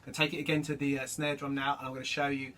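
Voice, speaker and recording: A man teaching drum rudiments, explaining each stroke in a relaxed way and calling out the stickings as he plays. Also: mid-range voice, rapid-fire. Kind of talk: instructional demonstration. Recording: distant mic with loud drum noise.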